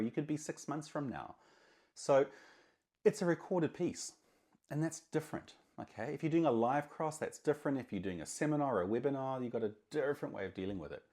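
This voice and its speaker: A man's voice: on the high side, lively intonation, fast talker, darkish tone. A middle-aged man, host of a marketing podcast, talks straight to camera in a casual, emphatic way and often repeats words as he restarts.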